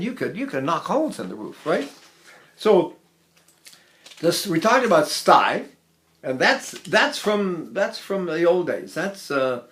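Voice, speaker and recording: An older man teaching singing technique, talking in an animated way with chuckling asides. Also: high voice. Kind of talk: singing lesson lecture.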